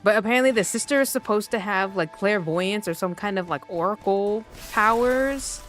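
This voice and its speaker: A woman streaming a game talks through its story in a loose, rambling way. She leans on "like" and "um" constantly and drops briefly into the characters' voices. Her voice sits at an ordinary middle pitch, with faint music playing behind her. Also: moderate pace. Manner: rambling, filler-heavy, uses "like" constantly; slips into quoted voices of characters. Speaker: gaming streamer.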